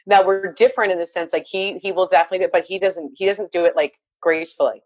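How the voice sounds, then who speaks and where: A woman's voice: fairly low pitch, steady tone, fast talker, darkish tone, dry recording, muffled recording. A woman in her thirties, a mother of three boys, chatting casually and telling rambling, self-deprecating stories. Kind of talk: casual chat.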